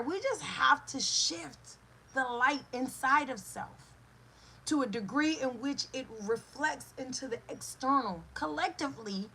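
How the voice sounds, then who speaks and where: Woman host, high bright voice, slow and emphatic spiritual talk that sinks to a hush on key words. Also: gravelly, low-quality recording. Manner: emphatic, repetitive, drops to a hush for stress; emotional, speaks to a live listener. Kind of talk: inspirational spoken talk.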